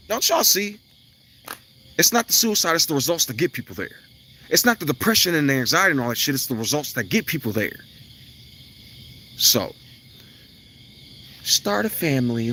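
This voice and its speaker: Forceful, profane preachy man ranting. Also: mid-range voice, expressive, normal speed, long pauses, a little hiss or hum. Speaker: self-styled spiritual vlogger. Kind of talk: ranting monologue to camera. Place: outdoors near his house.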